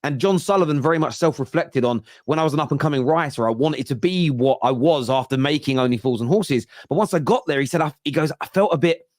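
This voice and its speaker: A man co-hosting a football fan debate, calmly building a counterargument from examples. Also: a little high, no room sound, studio quality. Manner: measured, building an argument with examples. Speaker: co-host.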